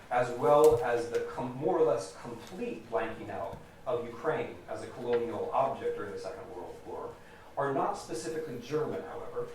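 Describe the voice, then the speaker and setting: An American man delivers a public lecture with emphatic, deliberate stress, circling back to repeat his key points. His mid-pitched voice sounds set back from the mic, in a very reverberant hall with a faint hum of ambience. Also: darkish tone. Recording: echoey hall recorded from a distance.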